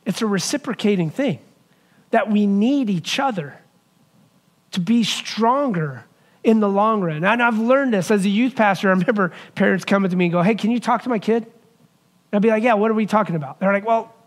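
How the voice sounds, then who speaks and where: High-voiced man preaching a conversational sermon. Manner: conversational, slows down to stress key lines. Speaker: pastor. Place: church sanctuary.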